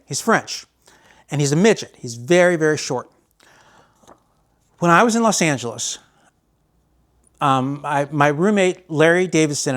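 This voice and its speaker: A man telling a casual personal anecdote, rambling and often correcting himself mid-sentence. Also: fairly high pitch. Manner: rambling, self-correcting, chatty. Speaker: storyteller.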